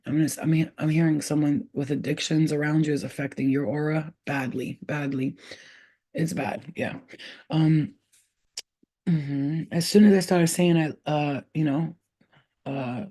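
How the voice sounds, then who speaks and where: Animated, swearing woman giving a spiritual reading. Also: low voice, a little slow, breathy edge. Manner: excitable, repeats words. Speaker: spiritual reader. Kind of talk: casual spiritual reading to viewers.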